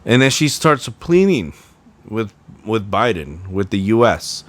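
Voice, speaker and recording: A young man in his twenties talking through a solo podcast episode, wandering off on tangents and jabbing with sarcasm. His voice sits on the lower side for a man, and he speaks in a loose, casual way. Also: very animated, a little slow. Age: 20s. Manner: rambling, goes off on tangents, sarcastic. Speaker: podcast host.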